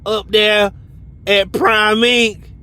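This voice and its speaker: A man with a high voice cuts in with teasing, slangy banter full of exclamations. Clear noise runs behind him throughout. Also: flat delivery, extremely slow. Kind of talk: casual podcast banter.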